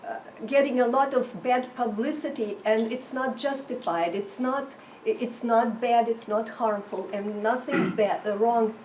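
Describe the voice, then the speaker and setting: A woman at a support group meeting making a comment, speaking haltingly with many fillers and restarts. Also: on the high side, a little mellow. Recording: echoey room, mic far off, faint noise.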